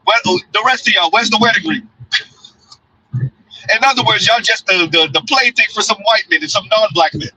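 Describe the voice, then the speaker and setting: A man's voice: sits high, a little fast, sharp tone, slightly rough, low-quality recording. A man hosting a blunt, mocking commentary show while riding in a car, often laughing. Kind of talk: casual live commentary. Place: in a car, in transit.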